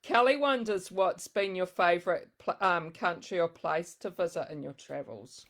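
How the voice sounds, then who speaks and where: A woman with a fairly low voice hosts a book club interview over a video call. She reads viewers' questions aloud and laughs along easily. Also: expressive, moderate pace. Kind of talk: casual interview chat.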